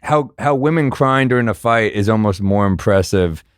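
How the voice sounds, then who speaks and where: Rambling low-voiced man in casual chat. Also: lively intonation, normal speed, smooth, no room sound, studio quality. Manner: rambling, filler-heavy, swears casually. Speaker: comedian podcast co-host. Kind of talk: casual chat, workshopping jokes.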